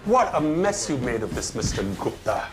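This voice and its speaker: An actor playing a coldly polite gangster who threatens a call-centre manager. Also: male voice, mid-range voice, big pitch swings, normal speed, very noisy, natural voice. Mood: menacing. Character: menacing male gangster extorting a call centre. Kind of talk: sitcom acting.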